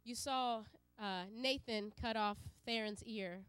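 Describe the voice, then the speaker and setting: A woman's voice: on the high side, slow pace, a bit bright, clear, resonant tone, no room sound. A woman giving an earnest sermon to a congregation, with frequent fillers and restarts. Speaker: preacher.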